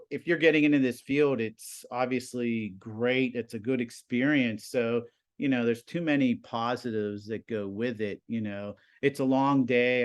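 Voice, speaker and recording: A man in his forties, a high school TV production teacher, chatting in an interview and telling animated stories with lots of "you know" and "like". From Pennsylvania, US. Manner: animated storyteller, many fillers. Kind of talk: casual interview chat.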